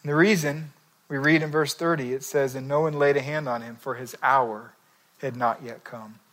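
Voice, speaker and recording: A man's voice: mid-range voice, fairly even intonation, moderate pace, a bit bright. A man preaching a sermon, telling a story and reading scripture in a conversational, emphatic way. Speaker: pastor.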